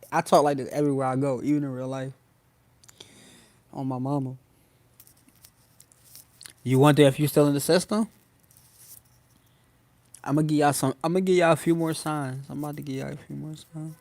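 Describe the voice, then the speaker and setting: Young man, casual livestream host, gravelly voice, chats straight to viewers, dry close sound. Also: a little high, no room sound. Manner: loose slangy talk, addresses chat often. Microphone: phone.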